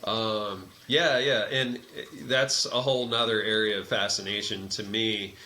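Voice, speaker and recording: A man's voice: lowish voice, measured pace. A man, a massage therapist and energy healer, telling a story in casual conversation and acting out the dialogue as he goes. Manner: animated storyteller who acts out quoted dialogue. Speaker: meditation teacher.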